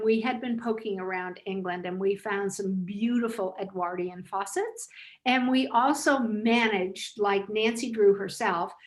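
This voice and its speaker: Older woman guest, lively storyteller with a light laugh, speaking over a video call. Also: mid-range voice, low-quality recording. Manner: lively, laughs while telling anecdotes. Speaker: author and business founder, guest. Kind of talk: storytelling interview answers.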